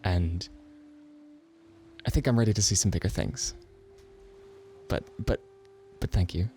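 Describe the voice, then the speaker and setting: A man playing a character in a tabletop game, speaking quietly and joking often. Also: deep voice, a little slow, a little hiss or hum. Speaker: player. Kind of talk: casual tabletop play.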